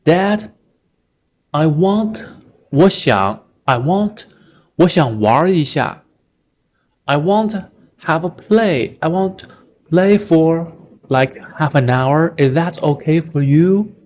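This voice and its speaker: A man's voice: a little high, expressive, slow, pauses often, darkish tone, dull audio, voice pushed up. A man voicing a small child who politely pleads with a parent, sweet and wheedling. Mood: pleading.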